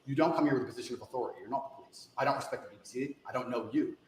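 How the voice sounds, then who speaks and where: Combative fast-talking man in an echoey room. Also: medium pitch, a little mellow, a little hiss or hum. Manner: combative, insistent, repeats phrases for emphasis. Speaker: interviewee. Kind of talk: heated interview exchange.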